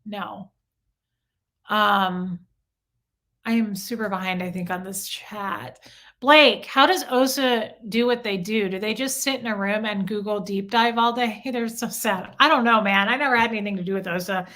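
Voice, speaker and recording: Bright-voiced woman hosting a livestream. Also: mid-range voice, normal speed. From Omaha, United States. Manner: candid and confessional, swears freely. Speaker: livestream host. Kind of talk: casual livestream chat, reading viewer comments.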